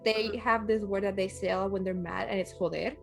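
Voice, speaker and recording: A woman from Puerto Rico, a guest in a casual chat, talking with animated energy and laughing often. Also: mid-range voice, a little fast, creaky, soft background music.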